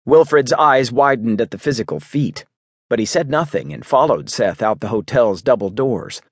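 A man reads a western audiobook aloud in a husky, mid-pitched voice. He tells the story briskly and dramatically. The sound is dry and close, from a recording booth. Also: animated, no room sound. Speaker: audiobook narrator. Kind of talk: scripted narration.

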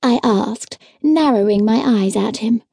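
A woman narrating a historical novel in first person, with a lively storytelling manner at a close microphone. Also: on the high side, measured pace, gravelly, husky, dry recording. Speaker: audiobook narrator.

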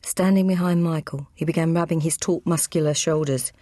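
A woman reading an audiobook crime novel aloud, brisk and matter-of-fact. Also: deep voice, fairly even intonation, warm tone, no echo, studio quality. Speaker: audiobook narrator. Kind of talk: scripted narration.

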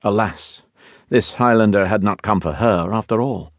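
A man narrating a historical romance audiobook in measured, expressive storytelling. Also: deep voice, no room sound. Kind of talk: scripted narration.

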